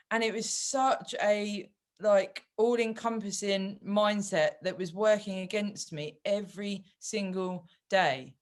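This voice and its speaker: A woman hosting an interview, talking candidly about her experiences in a relaxed, conversational way. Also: medium pitch, slow pace, hardly any pauses. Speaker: podcast host and bodybuilder. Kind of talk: casual interview talk.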